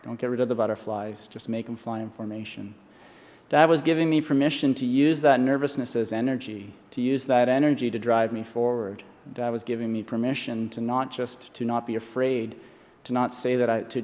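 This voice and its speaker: Brief: man, 40s, earnest graduation speaker, mid-pitched voice, podium mic, long hall echo. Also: darkish tone. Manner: earnest, with restarts and repetitions. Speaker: honorary doctorate speaker. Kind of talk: commencement speech. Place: large convocation hall.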